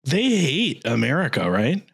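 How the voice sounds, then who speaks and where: A man's voice: medium pitch, very animated, measured pace, vocal fry, fairly bright tone, slightly rough, no echo. Man, casual podcast co-host, inquisitive and rambling, dry mic. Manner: curious, asks rambling questions.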